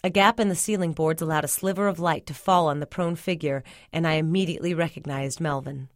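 Woman reading a suspenseful story, lowish voice. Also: fairly even intonation, fairly quick, dry recording, clean studio sound. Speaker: story reader. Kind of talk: first-person story narration.

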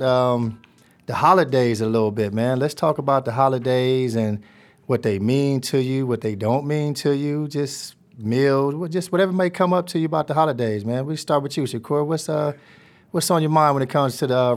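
A male host with a mid-range voice leads a round-table talk in a relaxed, easygoing way. A faint bed of music runs behind him. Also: medium pitch, fairly quick. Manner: relaxed, casual, friendly questions. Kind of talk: hosting a round-table discussion.

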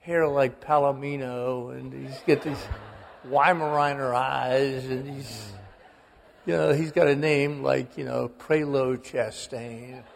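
A man in his sixties from the American South, an author telling lively family stories as an interview guest, sometimes slipping into quoted voices. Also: mid-range voice, takes it slowly, vocal fry, in a large hall, slight background noise. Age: 60s. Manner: animated storyteller, slips into quoted voices. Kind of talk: storytelling interview.

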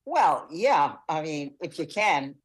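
A woman's voice: low-pitched, sing-song, slow, breathy edge, poor audio. An older woman, a foreign correspondent, giving reflective interview answers and searching for her words.

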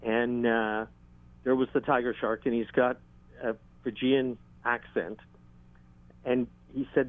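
A man being interviewed about documenting sharks, telling stories at an unhurried, halting pace with dry humor. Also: mid-range voice, flat delivery, dry recording. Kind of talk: conversational interview storytelling. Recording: tinny phone-line sound.

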